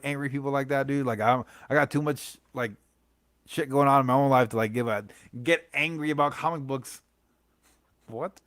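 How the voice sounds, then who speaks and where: A man's voice: mid-range voice, a bit bright, no echo, clean studio sound. A young man hosting a comics livestream, rambling in casual chat with lots of fillers, slang and laughs.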